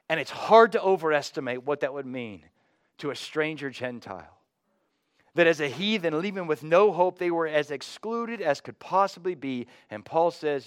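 A man's voice: fairly bright tone, clear, resonant tone, dry recording, studio quality. Dynamic preaching man, Texan accent. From North Texas. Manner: dynamic, rising to emphatic highs then dropping low. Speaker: pastor. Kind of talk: sermon.

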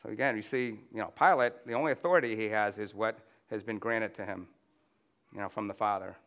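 A man's voice: lowish voice, brisk, a bit bright. Man preaching with many fillers. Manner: conversational, many "you know" fillers and restarts. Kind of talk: sermon with slides.

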